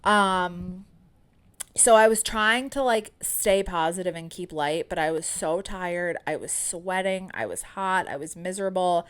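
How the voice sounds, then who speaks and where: Candid podcast host, woman, 30s, slightly low voice, chatty storytelling delivery. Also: unhurried, clean tone. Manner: chatty and candid, many "like" and "um" fillers.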